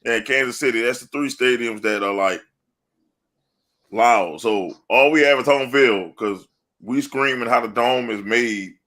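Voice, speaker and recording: A man co-hosting a sports podcast, casual chat that breaks into loud, laughing, swearing rants. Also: medium pitch, a little slow. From New Orleans area. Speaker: podcast co-host.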